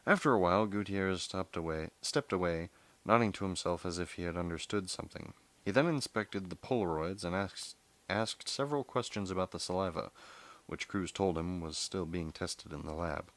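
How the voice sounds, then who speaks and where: A man with a very deep voice reads a novel aloud at a steady pace. Now and then he trips over a word and corrects himself. The sound is dry and close to the mic. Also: moderate pace, no room sound. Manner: steady reading with occasional stumbles and self-corrections. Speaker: streamer reading a novel aloud.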